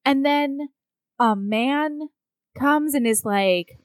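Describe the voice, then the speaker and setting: A woman co-hosting a casual chat, recapping a book in a blunt, crude and animated way. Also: high-pitched, extremely slow, no echo.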